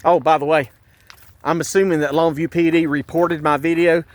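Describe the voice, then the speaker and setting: A man's voice: a little high, little pitch movement, normal speed. A man, recounting a police stop in an agitated, indignant way and repeating himself. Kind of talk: angry personal vlog.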